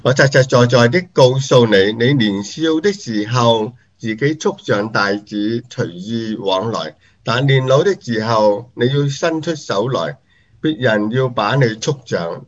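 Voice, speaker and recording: A man giving an even, formal Bible reading. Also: mid-range voice, a little slow. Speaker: scripture reader. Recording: dull lo-fi recording.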